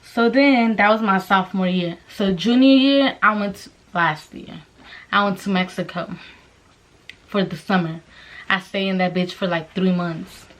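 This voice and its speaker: Young woman vlogger, storytime at home late at night, cursing and exclaiming throughout, mid-pitched. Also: unhurried. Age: young adult. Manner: profane, animated, exclamatory. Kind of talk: storytime vlog.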